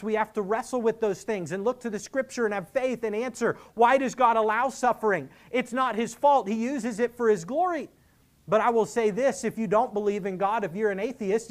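A preacher giving an expository sermon, earnest and emphatic, reasoning with the listeners and acting out quoted speakers. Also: mid-range voice.

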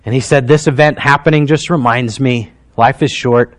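Here a thirty-something pastor gives a sermon in a steady tone, medium in pitch and moderate in pace. He tells his story with heartfelt emotion, letting his voice fall quiet before it rises for emphasis.

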